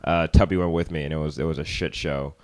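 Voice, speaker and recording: A man chatting as a podcast guest, halting with fillers and restarts. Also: extremely low pitch, fairly even intonation. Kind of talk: casual podcast chat.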